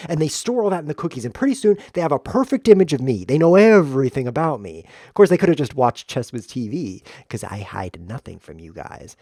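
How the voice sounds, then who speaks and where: Man, chess stream host, animated swooping voice, dry close sound, deadpan jokey rambling. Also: medium pitch, dry recording. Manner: playful, deadpan tangents and mock lectures. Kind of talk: rambling comedic commentary while playing.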